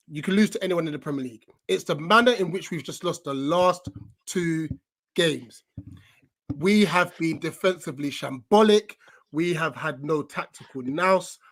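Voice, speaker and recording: A young man on a home video call, ranting about his football club in an exasperated, emphatic way. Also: fairly high pitch. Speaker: guest fan pundit. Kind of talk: live football fan panel chat.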